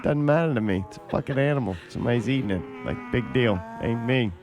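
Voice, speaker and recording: A man's voice: medium pitch, animated, fast. A man co-hosting a podcast in casual, blunt and profane chat, laughing often. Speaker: podcast co-host. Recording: noisy background hiss.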